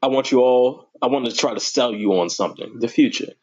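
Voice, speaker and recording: A young man talks sports in a loose, slangy way, his voice shooting up high whenever he gets worked up. His voice has a slightly husky edge. The recording sounds dull and lo-fi. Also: brisk, hardly any pauses. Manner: animated, voice jumps high when excited; informal, slangy and playful. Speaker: sports podcast host. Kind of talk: casual sports talk.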